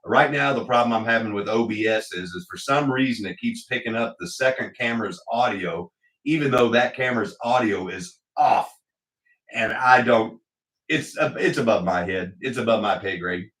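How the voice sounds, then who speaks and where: A man's voice: on the low side, normal speed, a bit bright. A man hosting a casual livestream from his home hobby room. He rambles with many fillers and greets viewers in the chat. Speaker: livestream host. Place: home hobby room with slot car track. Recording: echoey room, voice picked up from a distance.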